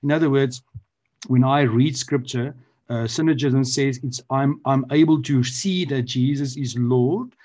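Guy on a church panel explaining doctrine, lots of um and uh, restarts a lot, mid pitch. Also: unhurried, darkish tone. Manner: hesitant, many restarts and fillers. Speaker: panel speaker on theology. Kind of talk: unscripted teaching explanation.

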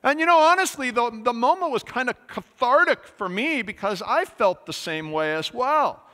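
Male pastor, relaxed conversational preaching, bright slightly high voice, long church-hall reverb. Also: normal speed. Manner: conversational preaching with many fillers. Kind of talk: sermon. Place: church sanctuary.

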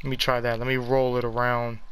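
A man casually commenting while playing a video game, excitable and swearing a lot. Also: medium pitch, brisk, smooth. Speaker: gamer.

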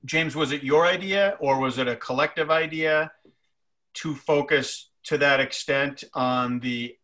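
A man's voice: fairly high pitch, bright, forceful tone. A man interviewing filmmakers in a casual conversation, often restarting and hedging his questions. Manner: halting, many restarts and fillers.

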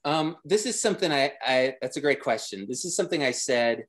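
A man's voice: mid-range voice, animated, fairly quick, a bit bright. A man talking as a guest designer in a casual interview, rambling with many restarts and growing enthusiastic.

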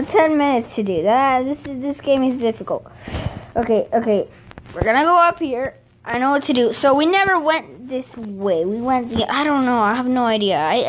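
A woman with a voice on the high side hosts casual gameplay commentary for her channel, getting frustrated and exclaiming at the game while she plays.

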